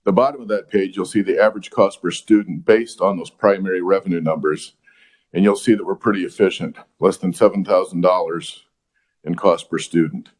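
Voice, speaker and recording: A man, a college president, giving steady, explanatory testimony to a legislative committee. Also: low voice, a little fast.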